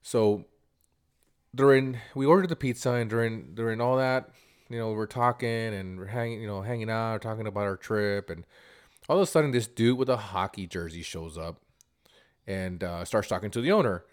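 A man's voice: fairly low pitch, moderate pace, clean tone. Man telling a rambling travel story. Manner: animated, rambling, repeats words. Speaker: vlogger.

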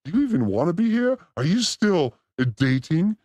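A man's voice: normal speed, no echo. A man hosting a show, delivering a rambling, joking comedic monologue. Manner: animated, joking, pitch swooping up and down. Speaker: host.

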